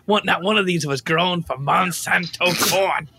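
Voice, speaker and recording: A man doing a gruff swearing city official. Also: high voice, a little slow, sharp tone, no room sound, heavily acted. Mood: aggressive. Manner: aggressive, swearing, barking orders. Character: gruff male city official shutting down a farm. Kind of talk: improvised comedy sketch.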